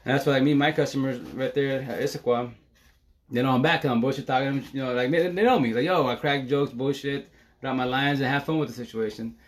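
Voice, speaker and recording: A man rattling off a casual live-stream monologue at speed. His voice sits at an everyday pitch, and his talk is loose, slangy and profane, packed with fillers and restarts. He keeps the energy high throughout. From Seattle area. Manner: fast, excitable, slangy and profane with constant fillers.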